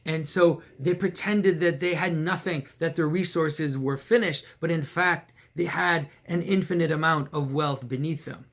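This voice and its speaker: Animated man retelling a legend. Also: a little high, normal speed, hardly any pauses. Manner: animated, repetitive, with small laughs and restarts. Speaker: storyteller and commentator. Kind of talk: casual storytelling of a legend.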